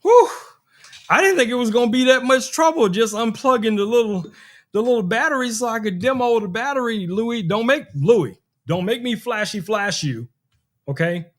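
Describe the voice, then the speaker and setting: A man hosting a casual live tech stream, demoing gadgets with an animated, joking manner and talking straight to his viewers. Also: very high voice, moderate pace. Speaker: tech livestream host.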